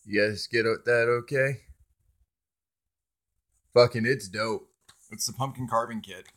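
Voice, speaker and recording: A man's voice: medium pitch, fairly even intonation, unhurried, a bit bright. A young man hosting a casual livestream on his cell phone, rambling and swearing as he talks to viewers in chat. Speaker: livestream host.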